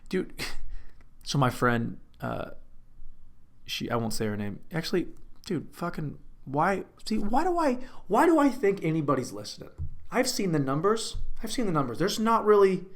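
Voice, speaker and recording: Young man rambling in a gravelly voice. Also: sits high, very animated, normal speed. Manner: rambling, self-mocking, trails off and restarts. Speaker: host. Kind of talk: casual comedic monologue.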